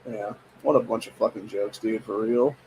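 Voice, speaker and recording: A young Ohio man hosts a political podcast in a lowish, steady voice at normal speed, his tone somewhat dark. He reads headlines out loud and answers them with heated, profane rants in casual commentary. The audio is poor, with a bit of hiss or hum.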